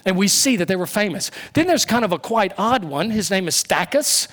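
Casting: male preacher with a high voice, emphatic and repetitive sermon delivery. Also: animated, a little fast, a bit bright.

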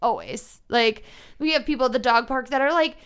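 A woman co-hosting a podcast in casual chat, chatty and animated, acting out what other people say. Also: sits high, brisk, smooth. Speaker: podcast co-host.

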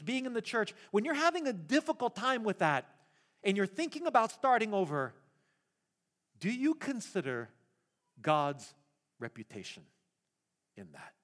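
A male pastor preaching a sermon in an animated way, often repeating words as he goes. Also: high voice.

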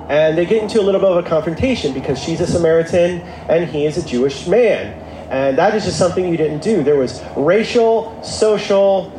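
Guy preaching, kinda high voice but mellow, echoey room, chatty storytelling. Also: slight background noise. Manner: storytelling, acting out quotes in a lower voice; conversational, with asides and restarts. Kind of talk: sermon.

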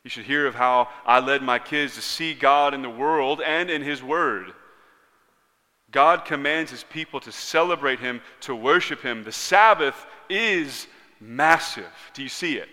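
A man preaching in a church sanctuary, his bright, forceful voice carrying a long reverb through the large hall. He preaches earnestly, rising to loud emphasis and then dropping to near-quiet lines. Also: medium pitch, normal speed. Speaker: pastor. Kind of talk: sermon.

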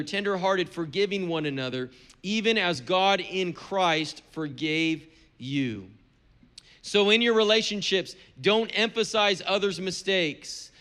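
A man's voice: high voice, a bit bright. A middle-aged man, a pastor, preaching a sermon in an earnest, conversational way with touches of humor.

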